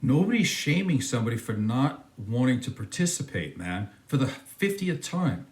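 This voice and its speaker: A man's voice: medium pitch, very animated, normal speed, echoey room. A man hosting a reaction video, talking in a casual, emphatic and mocking way as he comments on a clip.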